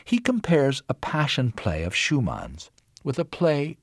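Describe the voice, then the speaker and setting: A man reading scripted documentary narration in a measured, expressive way. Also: no room sound, clean studio sound. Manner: measured, expressive reading with wide pitch swings.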